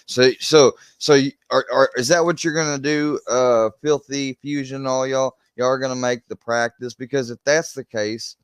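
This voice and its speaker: A man's voice: mid-range voice, steady tone, moderate pace, few pauses, smooth, no echo. A young man, a YouTuber ranting to his viewers, agitated and swearing as he repeats himself. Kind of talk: venting rant to camera.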